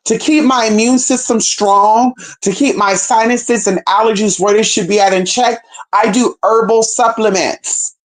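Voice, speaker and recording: A woman talking in a casual vlog monologue, animated and profane, often acting out other people's voices as a herbalist and hoodoo practitioner. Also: fairly high pitch, unhurried, rough recording. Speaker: self-described certified herbalist and hoodoo practitioner.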